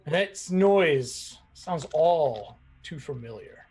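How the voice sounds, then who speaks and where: Game master guy, kinda husky, pitch all over the place, high-ish. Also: slow. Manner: animated, laughs often. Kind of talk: narrating a tabletop game.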